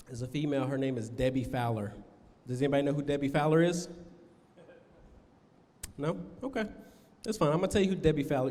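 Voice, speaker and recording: A man with a fairly high voice, working a live crowd as a stand-up comedian. He tells loose rambling stories and jumps into squeaky put-on voices for other people. His voice rings with the long reverb of a performance venue. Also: darkish tone.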